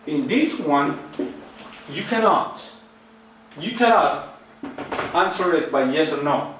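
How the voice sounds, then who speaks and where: A man's voice: on the high side, animated, slow, background noise. A man teaching a lesson, coaxing his students with questions and checking that they follow. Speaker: Spanish teacher. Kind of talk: recorded online lesson. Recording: very echoey room, mic at a distance.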